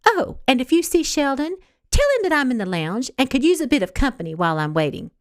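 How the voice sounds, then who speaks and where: A woman's voice: medium pitch, sing-song, normal speed, no room sound, clean studio sound, natural voice. Woman putting on a haughty spoiled young woman. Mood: flustered. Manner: snippy, condescending.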